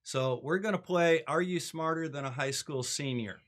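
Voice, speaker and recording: A man's voice: fairly high pitch, normal speed, a bit bright, faint music behind. A man hosting a casual livestream chat from his home, introducing guests with a folksy, joking manner. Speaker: host. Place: home in Northern Michigan.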